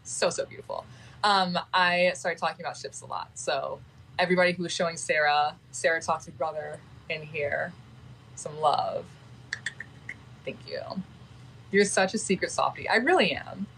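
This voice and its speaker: Woman, livestream chat, gushing, sentimental, lowish voice. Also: moderate pace, creaky, fairly bright tone, slight background noise, rough recording.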